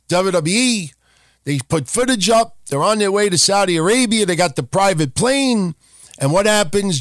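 A man's voice: sits high, fairly bright tone, dry recording, clean studio sound. A man hosting a podcast, ranting casually and sarcastically with constant swearing and mocking impressions. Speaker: podcast host. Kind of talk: casual rant.

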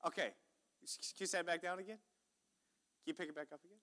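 A male pastor preaches in a church sanctuary, folksy and chatty, tossing questions out to the congregation. His voice is bright and forward, pitched a little high for a man. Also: fairly even intonation, quick pace. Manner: folksy, chatty preaching with audience call-outs. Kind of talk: sermon.

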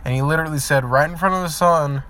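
A man's voice: on the high side, fast talker, bright, forceful tone. A man speaking in an earnest motivational vlog monologue, heartfelt and rambling with fillers, then blunt and emphatic. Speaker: vlogger.

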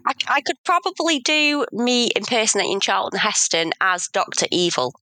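A woman's voice: medium pitch, big pitch swings, moderate pace, bright, forceful tone, no echo. A woman, co-hosting a casual film review chat, thoughtful and hedging, with self-mocking humor. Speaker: podcast co-host.

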